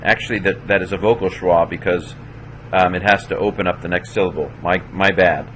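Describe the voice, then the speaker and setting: A man teaching a class, slowly sounding out syllables one at a time and stopping to correct himself. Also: deep voice, fairly even intonation, a bit bright, a little hiss or hum, poor audio. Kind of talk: classroom walkthrough of Hebrew pronunciation.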